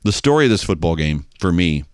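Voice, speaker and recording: Man, sports talk host, fan rant, lowish voice, very lively pitch, dry close mic. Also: brisk, clear, resonant tone, no room sound. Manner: animated, exasperated fan ranting. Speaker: podcast host.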